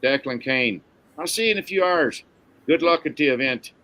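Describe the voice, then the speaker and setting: A man reading a story, voicing a soft-spoken, quietly dangerous Irish man with a genial, coaxing manner. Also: on the high side, animated, normal speed, pitched above the performer's own voice. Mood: smooth.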